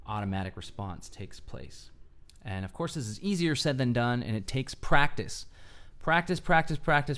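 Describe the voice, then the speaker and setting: Earnest male speaker for a self-help talk; lowish voice, clean and smooth. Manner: earnest, explanatory, often adds "right?". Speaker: mindfulness speaker. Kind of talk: solo talk to camera.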